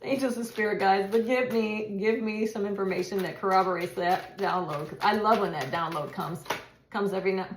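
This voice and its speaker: A woman's voice: medium pitch, a little fast, a little hiss or hum. Chatty lady reading tarot cards, talks loose and swears a bit, echoey room. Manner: chatty, repeats and restarts, laughs, swears. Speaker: tarot reader. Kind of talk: casual tarot reading monologue.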